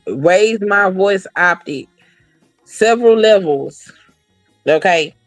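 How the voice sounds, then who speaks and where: A woman talking in a casual podcast chat, blunt and profane, telling animated stories. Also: medium pitch, slow pace, dry recording, soft background music, poor audio.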